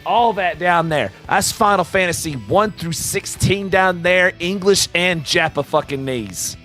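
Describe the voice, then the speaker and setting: A man with a bright, forceful voice sitting a little above the usual male pitch talks to his stream chat, swearing freely and shouting with excitement. He drops to quieter, heartfelt asides between whoops, and faint music plays behind him in his home streaming room. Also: unhurried. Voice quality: loud, profane, hyped-up delivery. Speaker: live-streamer reacting to game announcements.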